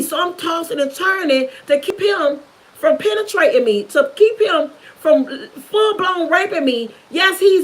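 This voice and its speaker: A young woman vlogger with a high, fairly bright voice speaks directly to camera about something painful from her past. Her emotional testimony is earnest and intense, repeating the same words to drive them home, and the audio quality is poor.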